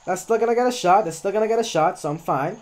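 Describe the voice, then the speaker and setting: A man's voice: high-pitched, fast talker. A man giving casual live commentary on his own gameplay, chatty and often correcting himself as he talks through each move.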